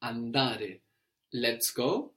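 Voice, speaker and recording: A man's voice: mid-range voice, lively intonation, a bit bright. Patient male language teacher. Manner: patient, prompting questions, slows to model phrases. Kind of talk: guided language lesson.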